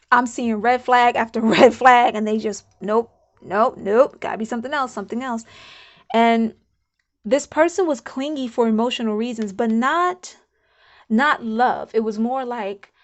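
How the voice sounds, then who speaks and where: A woman's voice: on the high side, unhurried. A woman giving a casual channeled spiritual card reading, musing aloud and repeating herself. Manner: chatty, musing, repeats herself, laughs now and then.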